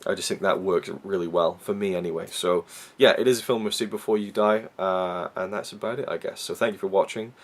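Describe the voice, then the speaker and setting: A man's voice: sits low, a little fast. A man from Wales with a Welsh accent, reviewing a film in a casual, rambling way with many fillers and restarts.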